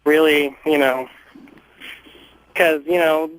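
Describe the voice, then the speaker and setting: A man calling in to a radio talk show, speaking in a hesitant, halting way with lots of fillers, heard over a muffled cell phone line. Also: on the high side, steady tone, a bit bright, dry recording. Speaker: caller.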